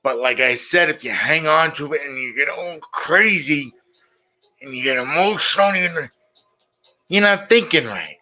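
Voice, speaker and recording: A man's voice: fairly high pitch, normal speed, bright, forceful tone, faint music behind. A middle-aged man hosting a casual monologue show, blunt and opinionated, often repeating his points. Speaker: show host.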